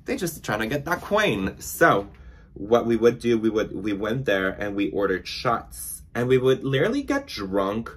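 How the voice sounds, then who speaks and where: A man's voice: medium pitch, sing-song, measured pace. A young man chatting casually while doing makeup, rambling through stories with lots of filler words. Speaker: beauty vlogger.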